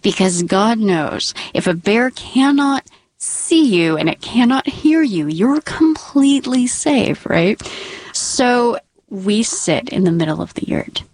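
A woman's voice: on the high side, sing-song, slow pace, dry recording. Woman telling a tense story, dry sound. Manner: dramatic, drops into hushed whispers for suspense. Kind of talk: personal story told to an audience.

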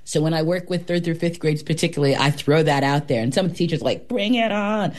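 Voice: medium pitch, fast. A professional storyteller in an interview, telling tales dramatically and talking about their work. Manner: dramatic, expressive telling with sound words.

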